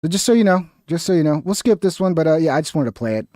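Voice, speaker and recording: A man's voice: on the high side, expressive, rapid-fire, a little mellow, dry recording, studio quality. A man hosting a casual reaction stream, talking in a crude, rambling, profane way.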